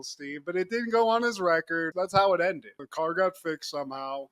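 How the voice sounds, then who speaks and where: A man's voice: on the high side, moderate pace, no room sound. A man co-hosting a podcast, chatting casually and playfully acting out comedy sketch lines. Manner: animated, jokey, acts out sketch lines. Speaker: podcast co-host.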